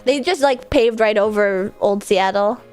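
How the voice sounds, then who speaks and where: A woman streamer with a stuffy, congested nose chats casually, rambling, using lots of fillers and laughing often. Her voice is medium-pitched, a little slow and darkish in tone, with faint music behind her.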